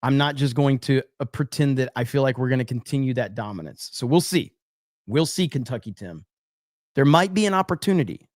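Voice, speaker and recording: A man's voice: mid-range voice, lively intonation, fairly quick, no room sound, clean studio sound. A man hosting a livestream podcast, chatting casually, reading donations and trading blunt, profane, mock-angry banter with his chat.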